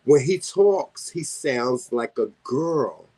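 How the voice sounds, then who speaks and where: A man with a Southern US accent, hosting a casual vlog chat and telling teasing stories in an animated way. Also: mid-range voice, takes it slowly, poor audio. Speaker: vlog host.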